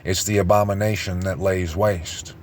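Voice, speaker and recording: A man giving informal online religious teaching, rambling and halting with many false starts and restarts as he reads passages aloud. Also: sits low, steady tone, slight background noise. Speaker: preacher.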